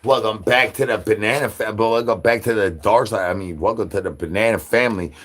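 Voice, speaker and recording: A man hosts a loose, rambling livestream. His voice sits somewhat low, and he spins goofy nonsense, repeated chants and silly wordplay in a casual chatty flow. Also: fairly quick, fairly bright tone. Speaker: livestream host.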